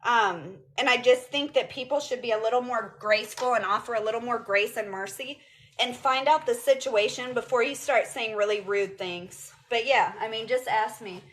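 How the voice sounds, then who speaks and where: A woman's voice: on the high side, normal speed, fairly bright tone. A woman chatting casually on a phone livestream and answering viewers' comments aloud. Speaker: vlogger answering live chat. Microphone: phone camera.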